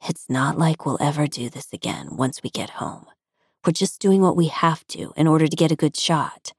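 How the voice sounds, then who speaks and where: A woman narrator voicing a soft-spoken young man, a tender stepbrother who talks in a husky murmur. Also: sits low, normal speed, no room sound, studio quality. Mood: reassuring.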